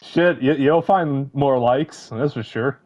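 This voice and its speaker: A man trades teasing remarks in a laid-back podcast chat. His voice sits at an ordinary middle pitch for a man. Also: slow, darkish tone. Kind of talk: casual chat.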